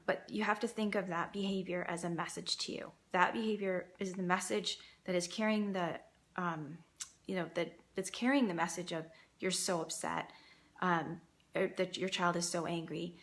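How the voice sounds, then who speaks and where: Low-voiced, reassuring woman coach. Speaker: parenting coach. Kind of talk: direct-to-camera advice talk.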